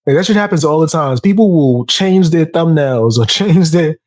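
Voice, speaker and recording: A man's voice: fairly high pitch, animated, moderate pace, a little mellow, no room sound, studio quality. A man hosting a casual podcast chat, telling stories animatedly and acting out quotes in a raised voice. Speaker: podcast host.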